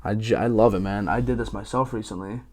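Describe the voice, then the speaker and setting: A man's voice: on the low side, steady tone, quick pace, dry recording. Candid young man rambling into a dry mic. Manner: candid, rambling, frequent fillers and restarts. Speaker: podcast host. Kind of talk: casual solo podcast talk.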